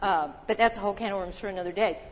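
A woman's voice: medium pitch, racing. A woman preaching a sermon, talking earnestly and emphatically, often asking the listeners rhetorical questions. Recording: long reverb from a hall.

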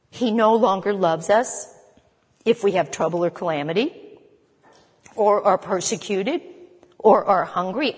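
A woman's voice: mid-range voice, slightly rough, long reverb tail. A woman preaching a sermon in a conversational, emphatic way, often asking her listeners questions. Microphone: camera.

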